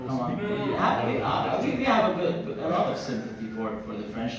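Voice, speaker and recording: Italian-born man, American accent, halting. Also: medium pitch, very echoey, far from the mic, over a noisy crowd. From Italy. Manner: deadpan with halting restarts. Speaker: stand-up comedian. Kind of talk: stand-up comedy set. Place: comedy club stage. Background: audience laughter.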